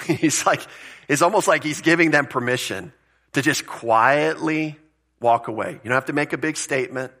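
A man's voice: a little high, normal speed, bright, forceful tone. A male pastor giving a conversational sermon, explaining word meanings and asking rhetorical questions, with the odd chuckle.

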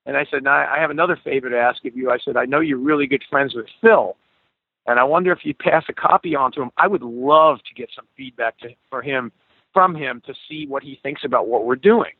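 A middle-aged man spinning a story, and he jumps into the voices of the people in it. His voice sounds husky and comes over a thin, phone-like line with no room sound around it. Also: mid-range voice, fairly quick, no room sound. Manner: animated storyteller, acts out quoted dialogue. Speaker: guest musician. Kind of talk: storytelling in a podcast interview. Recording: tinny phone-like call audio.

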